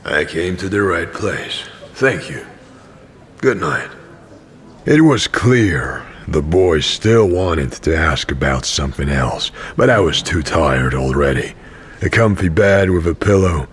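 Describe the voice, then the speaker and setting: A man's voice: low-pitched, expressive. A man narrating an audio drama as a tired, cynical wandering pilgrim. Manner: dry, tired, slow narration. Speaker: narrator and main character.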